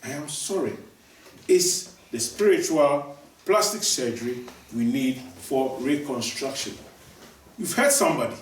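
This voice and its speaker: A man's voice: medium pitch, animated, unhurried, slight background noise. A male preacher giving a sermon, repeating his key lines for emphasis and often restarting his sentences. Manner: repetitive, emphatic, many restarts. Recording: echoey room, voice from far off.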